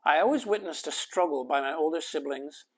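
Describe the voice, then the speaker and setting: Soft-spoken man reading his memoir. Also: on the high side, brisk, breathy edge. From Canada. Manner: soft, intimate storytelling, dropping to a whisper on heavy moments. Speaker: author and life coach.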